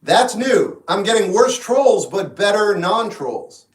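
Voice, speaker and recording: High-voiced man musing on a livestream. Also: slow. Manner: relaxed, musing, gives frank advice. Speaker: livestream host answering chat. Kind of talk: casual live chat. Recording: echoey room, mic at a distance. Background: guitar music in the background.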